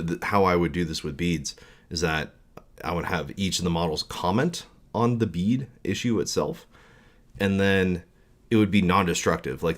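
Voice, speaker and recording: Deep-voiced man rambling on a live stream. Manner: rambling, full of fillers and restarts. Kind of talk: casual live-stream talk.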